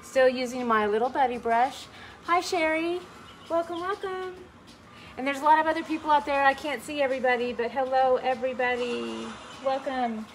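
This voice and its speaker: A middle-aged woman teaching a live online painting class in a gentle, chatty way, greeting viewers by name as she works. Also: high voice, steady tone, brisk, a little hiss or hum, rough recording. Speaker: painting instructor.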